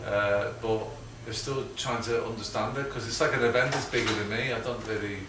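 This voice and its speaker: A middle-aged man with a Liverpool accent talks through an audience Q&A, rambling and chatty, with frequent laughs and tag questions. He is picked up from a distance in an echoey room. Steady background noise sits under his voice. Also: lowish voice, a little fast. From Liverpool, England. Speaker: guest filmmaker.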